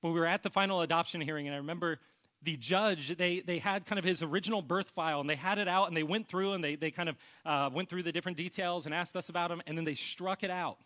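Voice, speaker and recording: Earnest pastor, slightly high voice. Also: male voice, quick pace. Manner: earnest personal storytelling; often trails off to a soft low voice. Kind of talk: sermon.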